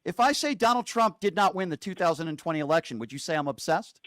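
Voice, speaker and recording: A man's voice: on the high side, lively intonation, fast, a bit bright, dry recording, studio quality. A man hosting a call-in show, combative and insulting, cutting callers off. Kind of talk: heated call-in debate.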